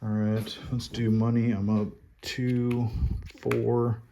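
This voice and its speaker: A man playing a board game at home, calmly talking through his turn and counting his units and money aloud. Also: mid-range voice, slow pace, noisy background. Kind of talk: casual solo board game playthrough.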